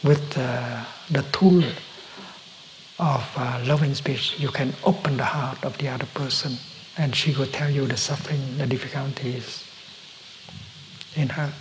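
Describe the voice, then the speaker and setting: Man, meditation teacher, calm dharma talk, halting pauses, soft near-whispers, faint hiss behind. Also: mid-range voice, rough recording. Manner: slow, gentle, halting with many pauses and soft whispered stretches.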